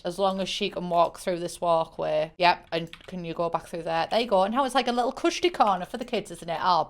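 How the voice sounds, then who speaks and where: Sweary Teesside woman chatting over gameplay. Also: medium pitch. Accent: Teesside English. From Middlesbrough, England. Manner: chatty, sweary, self-mocking. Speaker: YouTuber. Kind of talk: casual game commentary.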